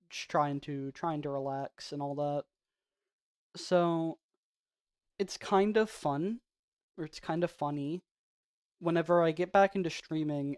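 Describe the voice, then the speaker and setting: A male game streamer chatting away to his viewers. He rambles and pokes fun at himself, with a smooth, clear voice. The sound is dry and close. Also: a little high, no echo. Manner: rambling, self-deprecating; soft-spoken off stream. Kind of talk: casual livestream chat.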